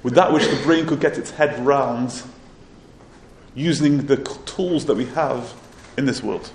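A man's voice: mid-range voice, measured pace, a little hiss or hum. A man teaching a Torah lesson, retelling a Midrash in an earnest storytelling manner with occasional restarts. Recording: roomy echo, faint ambience.

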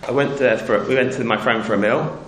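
A middle-aged man from England tells a story to an audience, rambling and restarting his sentences. He breaks into the voices of the people he quotes. His voice sits at an everyday pitch and carries a roomy echo. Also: fairly even intonation, brisk, noisy background. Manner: rambling, self-interrupting, acts out quoted voices. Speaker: storyteller speaking to a community audience. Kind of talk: casual anecdotal talk with a moral.

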